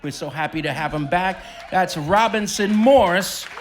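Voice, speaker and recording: A man's voice: sits high, a little slow, background noise. A man emceeing his band on a festival stage, joking and teasing the crowd through a stage microphone. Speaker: bandleader and emcee. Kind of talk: live stage banter.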